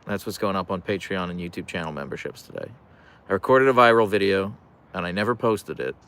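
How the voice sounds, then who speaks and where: A man's voice: low voice, fairly quick, fairly bright tone, smooth. A man hosting a casual livestream from his couch at home, reading out viewer comments and joking with them. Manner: chatty, joking, reads viewer comments aloud. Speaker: livestream host, dog owner.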